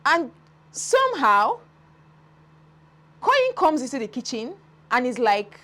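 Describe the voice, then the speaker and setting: Animated woman commentator. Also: high-pitched, slow, pauses often. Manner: animated, laughing, dramatic retellings. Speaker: entertainment commentator. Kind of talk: casual reality-show commentary.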